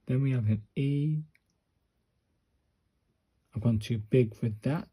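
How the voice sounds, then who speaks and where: Slow, husky man muttering instructions. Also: medium pitch, mellow. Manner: slow, muttering step-by-step to himself and viewers. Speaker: handwriting practice vlogger. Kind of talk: casual narrated handwriting practice.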